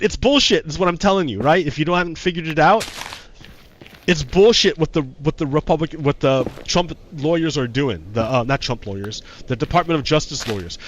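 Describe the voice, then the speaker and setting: A man's voice: fairly high pitch, animated, a little fast, a bit bright, lo-fi sound, a little hiss or hum. A man talking casually on a livestream, heated and profane, often repeating himself. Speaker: streamer.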